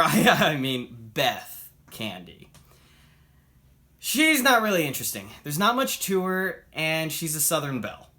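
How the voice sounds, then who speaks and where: A man's voice: fairly high pitch, sharp tone. A man reviewing a comic book in a chatty, upbeat way, acting out the characters' lines as he retells the story. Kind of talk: casual spoken review.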